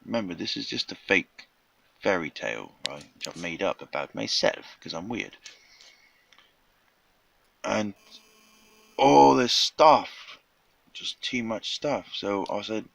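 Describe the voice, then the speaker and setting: Chill surfer dude rambling a fish tale, lowish voice, dry close sound. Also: male voice, animated, slow pace, gravelly, pauses often, a bit bright, no echo. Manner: laid-back surfer slang, drifting into voices for the fish. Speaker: vlogger telling a tall tale. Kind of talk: rambling casual storytelling.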